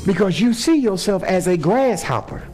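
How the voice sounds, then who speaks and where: A man's voice: high voice, big pitch swings, moderate pace, darkish tone, faint music behind. A man preaching a sermon, impassioned, with call-and-response to the congregation. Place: church sanctuary.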